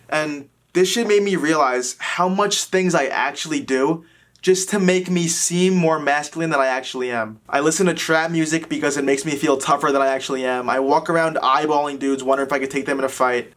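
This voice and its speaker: A man's voice: fairly high pitch, a bit bright. A man in his twenties telling a candid, self-deprecating personal story. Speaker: vlogger. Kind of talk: personal confessional monologue.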